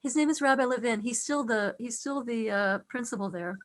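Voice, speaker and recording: A middle-aged woman giving a talk on faith. She tells stories earnestly and softens to a hush on tender lines. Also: a little high, a little fast. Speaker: speaker on faith.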